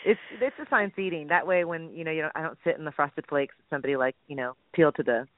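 A woman hosting a casual Christian radio chat, excitable and quick to laugh and exclaim. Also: low voice, no echo. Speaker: radio show host. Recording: tinny phone-like line, dry.

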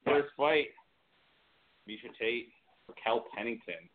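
A man co-hosting a casual sports talk show, excitable and rambling with fillers. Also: mid-range voice, takes it slowly. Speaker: podcast co-host. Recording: phone-like internet radio audio.

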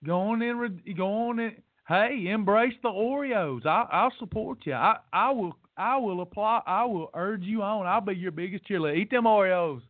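A man's voice: high voice, moderate pace, hardly any pauses, no room sound. A man hosting a podcast in a casual, playful motivational monologue, folksy and teasing. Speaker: podcast host. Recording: dry, tinny phone-like sound.

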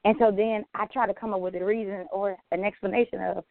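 A woman's voice: mid-range voice, fast, vocal fry, few pauses, no room sound. A woman on a church women's panel, candidly telling stories about anger and acting out her own quoted lines. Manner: candid, animated storytelling with quoted asides. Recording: tinny phone-line audio, dry.

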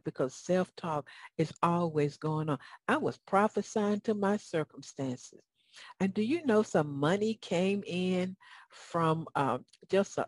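With a lowish, darkish voice in a dry recording, a Southern US motivational speaker delivers a folksy, preacher-style talk. She frequently asks her audience questions.

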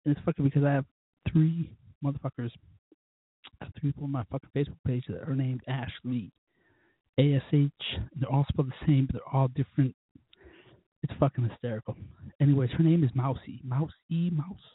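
A man's voice: medium pitch, fairly even intonation, brisk, dry recording. A drunk man hosting a podcast, rambling profanely through stories with quoted asides. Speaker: podcast host. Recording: tinny phone-like line, husky voice.

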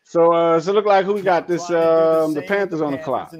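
A man hosting a draft watch party over a group call, animated and slangy, acting out quotes in his stories. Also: on the high side, moderate pace, lo-fi sound. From New Orleans. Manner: animated storyteller, slangy, acts out quotes loudly. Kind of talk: casual chat.

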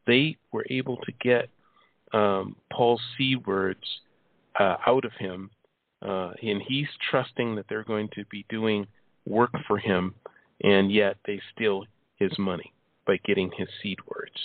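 A man hosting a call-in show, speaking in a measured way with many fillers. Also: fairly low pitch, fairly even intonation, no echo. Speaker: host. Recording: phone-like line.

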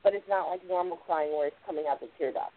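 The host of a spiritual radio show, a fast-talking woman with a lowish voice, explains things loosely and rambles, leaning on "like" and "literally." The audio is tinny, as if through a phone line.

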